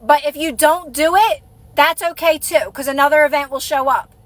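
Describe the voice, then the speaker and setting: A woman's voice: high voice, moderate pace, dry recording. A woman hosting a live stream, chatting casually and encouragingly with her viewers, rambling and restarting her sentences.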